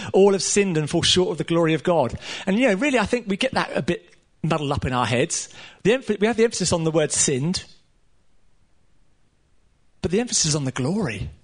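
A man preaching a sermon to a room of listeners, earnest and emphatic, with casual asides and pauses. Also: high voice, expressive. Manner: casual asides with light laughter. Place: room with a live audience.

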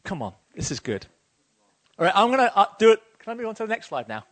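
A man's voice: high-pitched, very animated, fast, fairly bright tone. A man preaching a sermon as a pastor, enthusiastic and emotional, talking conversationally with many fillers.

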